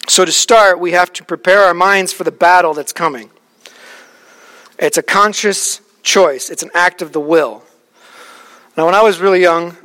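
A man with a notably high voice delivers a sermon in a relaxed, conversational way. He tells stories from his own life and often restarts his sentences. He sounds like a pastor in his thirties. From Alaska.

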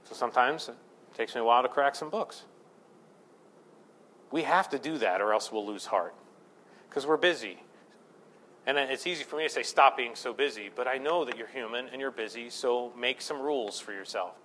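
A man's voice: medium pitch, normal speed, long pauses, a bit bright. A man preaching a sermon as pastor, conversational and self-deprecating, building to fervent emphasis.

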